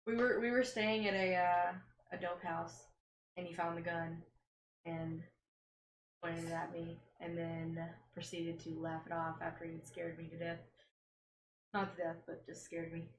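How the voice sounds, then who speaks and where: A woman joining a casual podcast chat, speaking quietly away from the microphone. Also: fairly low pitch, level tone, measured pace, reverberant, low-quality recording.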